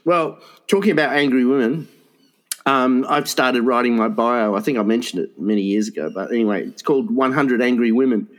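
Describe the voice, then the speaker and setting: A man's voice: mid-range voice, fairly quick. A man co-hosting a comedy podcast who trades crude banter, teases his partner and laughs often. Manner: laughs often, teasing interjections. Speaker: podcast co-host.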